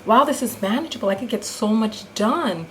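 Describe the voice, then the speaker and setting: A woman telling a story in a casual vlog, animated and full of acted-out quotes. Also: a little high, moderate pace, slight background noise, rough recording. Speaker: vlogger.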